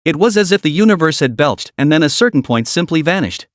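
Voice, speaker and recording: A man narrating a story in a steady, dramatic storytelling manner. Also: fairly high pitch, quick pace, no room sound, clean studio sound.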